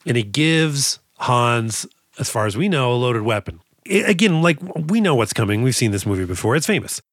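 Excitable, profane male podcast co-host. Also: mid-range voice, no echo, studio quality. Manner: fast, profane, excitable, full of mock impressions. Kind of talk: movie podcast chat.

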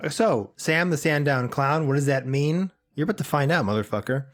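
A man's voice: fairly high pitch, moderate pace. A man co-hosting a podcast, telling a story with sarcastic asides and comic swearing. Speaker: podcast co-host. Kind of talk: casual storytelling chat.

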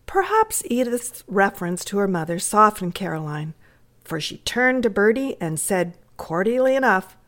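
A woman's voice: mid-range voice, big pitch swings, moderate pace. Woman reading a story aloud. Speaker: narrator. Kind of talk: readers' theatre story reading.

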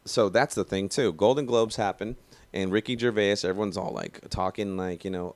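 A man's voice: fairly low pitch, a little fast, no room sound. A man ranting casually and profanely, rambling with lots of restarts and filler. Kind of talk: casual rant, movie review.

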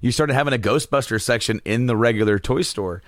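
A man's voice: medium pitch, brisk, no echo, studio quality. A man co-hosting a casual chat, telling stories with lots of laughs and acted-out quotes. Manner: animated storyteller, laughs often, acts out quotes. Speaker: podcast co-host.

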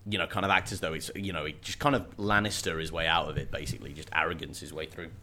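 A man's voice: extremely low pitch, fairly even intonation, fast, sharp tone. A man co-hosting a podcast, chatting casually in a playful, teasing way. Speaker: podcast co-host. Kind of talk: casual chat.

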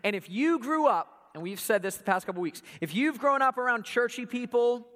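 A man's voice: very high voice, animated, brisk, fairly bright tone, big-room sound. A man with a Southern US accent from Atlanta, giving a playful, joking church talk and quizzing his congregation. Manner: playful, jokey, keeps quizzing the audience. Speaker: church speaker. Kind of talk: casual sermon talk to a congregation.

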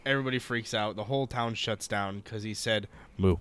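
A man's voice: lowish voice, brisk, fairly bright tone, clear, resonant tone, no room sound. A man co-hosting a podcast, recapping a show in casual chat, profane and jokey, laughing often. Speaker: podcast co-host.

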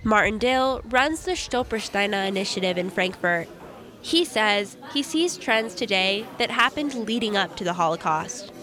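A young woman from the United States narrating a radio feature report in a calm, measured first-person voice. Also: mid-range voice.

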